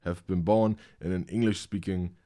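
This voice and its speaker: A man with a German accent, a native German speaker, hosting a reaction video in casual commentary, halting and restarting his sentences as he searches for words. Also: deep voice, fairly even intonation, dark tone, no room sound, clean studio sound. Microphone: studio dynamic microphone.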